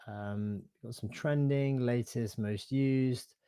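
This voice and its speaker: A man presenting a live online software demo, thinking aloud in a relaxed, hesitant way with fillers and self-corrections. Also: medium pitch, slow, smooth, no room sound. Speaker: webinar presenter.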